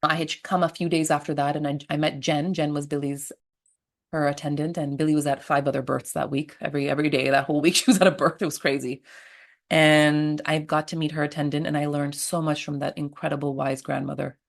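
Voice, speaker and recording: A low-pitched middle-aged woman with a gravelly edge tells candid stories as a podcast guest. She is blunt and lively and swears without pausing. She talks as a birth attendant recounting what she has lived through. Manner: blunt and animated, swears freely. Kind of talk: candid storytelling interview.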